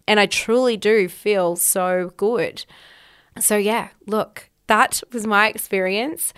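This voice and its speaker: A woman's voice: lowish voice, clear, resonant tone. A woman podcast host telling a personal story in an emphatic, candid way, swearing freely.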